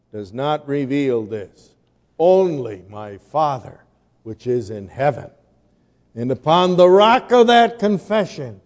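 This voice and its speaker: A man preaching a sermon, slow and emphatic, building to forceful declarations. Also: a little high, big-room sound.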